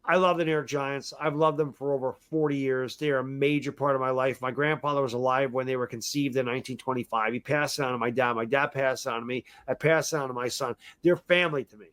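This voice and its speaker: A man's voice: medium pitch, fairly even intonation, fast talker, hardly any pauses, a bit bright. A middle-aged man and football fan giving a frustrated, emphatic post-game rant, repeating himself often. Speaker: sports fan commentator.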